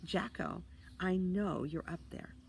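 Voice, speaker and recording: A woman's voice: fairly low pitch, takes it slowly, creaky, distant mic, a little hiss or hum. A woman voicing a bossy young girl who scolds her little brother. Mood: scolding. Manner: scolding, exasperated.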